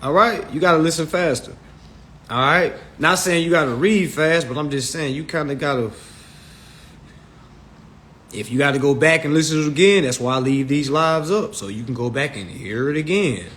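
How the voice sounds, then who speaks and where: A man's voice: a little high, normal speed, fairly bright tone. A young man hosting a phone livestream, giving blunt, profane instructions on reading contracts and checking in with his viewers again and again. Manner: blunt, profane, keeps checking in with "all right?"; repetitive, emphatic preaching tone. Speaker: livestream host teaching consumer law. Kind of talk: casual instructional livestream rant. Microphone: phone on a live stream.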